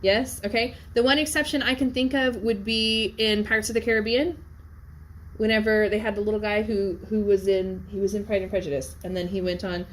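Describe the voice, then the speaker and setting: A woman's voice: medium pitch, fairly even intonation, brisk, slight background noise. Chatty woman teaching a class. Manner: conversational, keeps checking in with "yes?" and "okay?". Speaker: Latin teacher. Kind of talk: classroom lecture with discussion.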